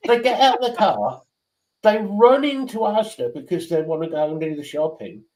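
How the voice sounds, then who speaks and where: A man's voice: high-pitched, normal speed, rough recording. A man who hosts a casual stream chat and tells blunt, swearing stories. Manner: swearing, blunt, animated storyteller. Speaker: stream host.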